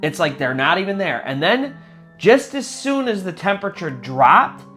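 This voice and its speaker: A man's voice: high-pitched, sing-song, moderate pace, pushed and bright, soft background music. A man telling a spooky true story in a casual, conversational way, full of little fillers. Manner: conversational, many fillers like "kind of" and "sort of".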